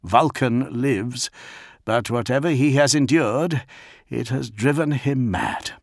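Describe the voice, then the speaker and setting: A man voicing a solemn male counselor in an audiobook, speaking in a deliberate, certain way. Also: mid-range voice, dry recording, studio quality, pitched above the performer's own voice. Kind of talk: audiobook character voice.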